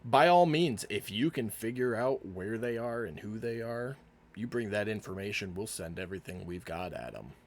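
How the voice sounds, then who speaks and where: A man voicing a stern male city guard officer in a tabletop game, flat and dismissive. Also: on the low side, moderate pace.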